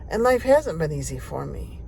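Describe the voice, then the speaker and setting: A woman's voice: sits low, sing-song, moderate pace, gravelly, darkish tone. Older woman, folksy chatty storyteller, talks to viewers, recorded in a car, faint background noise. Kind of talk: casual personal storytelling.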